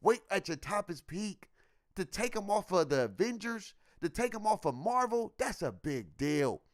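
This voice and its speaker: A young man co-hosting a podcast tells a story in a high-pitched voice at normal speed. He is animated and slangy, acting out what people said.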